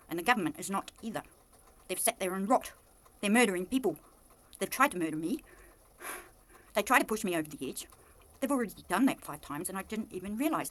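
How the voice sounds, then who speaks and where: A New Zealand woman vlogs an impassioned rant aimed at someone, addressed straight to the camera. Her delivery swings from quiet muttering to loud, angry bursts.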